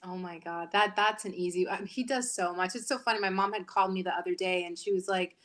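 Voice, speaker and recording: Woman, news anchor, talk show guest, chatty, animated, laughs easily. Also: on the low side, quick pace. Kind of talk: candid talk show chat.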